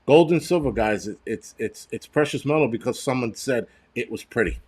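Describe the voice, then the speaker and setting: A man's voice: medium pitch, animated, normal speed, darkish tone, breathy edge. A man hosting a casual livestream, ranting bluntly with lots of swearing and rambling restarts. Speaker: host.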